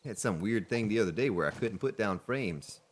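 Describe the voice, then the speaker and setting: A man's voice: lowish voice, animated, fairly quick, a little hiss or hum. A man chatting to viewers while he streams a survival game, joking and commenting as he plays. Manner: chatty, jokey, talks to viewers. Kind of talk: live gameplay commentary.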